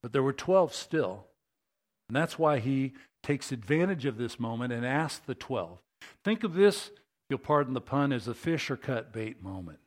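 A man preaching a sermon, conversational and animated, often asking his listeners questions. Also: mid-range voice, moderate pace. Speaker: pastor.

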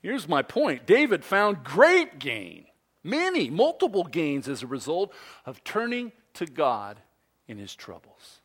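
Guy preaching a sermon, talks slow and deliberate, voice jumps all over, gets loud then drops way down. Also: husky. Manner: expressive preaching, swings from loud emphatic to soft and low; slow, deliberate delivery with pauses. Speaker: pastor.

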